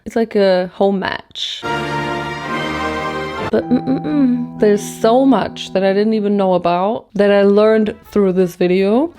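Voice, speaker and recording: A young German woman talks to her camera in an easy, rambling way, peppering her chatter with swears and laughs. Her voice sits at an ordinary middle pitch for a woman, and her German accent colours her English. Soft music plays faintly underneath. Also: slow. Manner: chatty, swearing, laughing a lot, jumping between loud and whispered asides. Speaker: vlogger and singer. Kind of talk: casual chat to camera.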